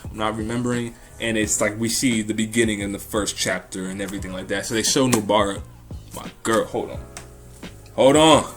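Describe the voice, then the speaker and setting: A man's voice: on the low side, flat delivery, brisk, music in the background. A man hosting a casual talk about an anime, rambling in a slangy way with lots of restarts and swearing. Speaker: anime commentary host.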